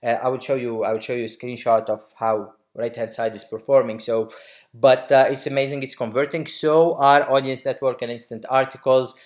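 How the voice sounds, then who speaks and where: A man teaching online marketing in a casual screen-share tutorial, explaining quickly and loosely with many fillers and restarts. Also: mid-range voice, steady tone.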